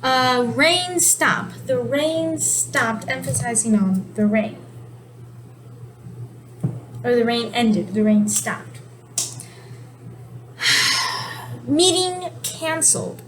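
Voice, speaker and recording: A woman explaining sign language in a casual video lesson, relaxed and explanatory, sometimes correcting herself. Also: fairly high pitch, slow, pauses often, poor audio. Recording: steady background noise.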